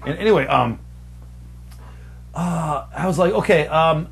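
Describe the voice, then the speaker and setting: A young man, a server and podcast co-host, telling a profane story and acting out customers in sudden high, loud bursts. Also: fairly quick, slightly rough. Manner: animated, profane, acts out customers in raised voices. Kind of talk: casual storytelling chat.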